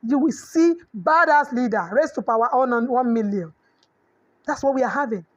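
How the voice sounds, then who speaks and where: Nigerian woman, middle-aged, high voice, preachy parenting coach, dull lo-fi sound. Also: normal speed. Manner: preachy, mixes in Yoruba proverbs. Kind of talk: motivational parenting talk. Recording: dull lo-fi audio.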